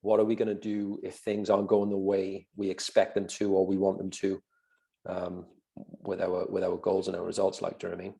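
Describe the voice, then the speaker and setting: Welsh man, low mellow voice, rambling casual podcast talk. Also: completely flat delivery, brisk, gravelly. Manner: rambling, frequent "do you know what I mean". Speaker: podcast co-host.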